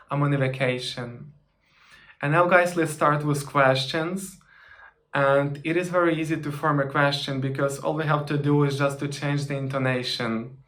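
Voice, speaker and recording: A man's voice: mid-range voice, fairly bright tone. A man teaching a language lesson, repeating each example phrase twice.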